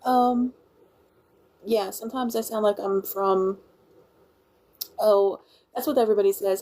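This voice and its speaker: In a low-quality recording, a woman from Louisiana hosts a relaxed livestream, speaking a little slowly with frequent pauses. Her mid-pitched voice is mellow and steady, carrying a country Cajun accent as she rambles and thanks her viewers.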